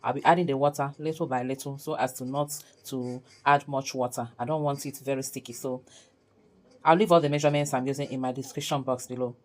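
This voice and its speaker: A woman with a bass voice and steady tone hosts a home cooking tutorial, speaking a little fast over poor audio. She chats her way through each step as a cooking channel host, laughing often.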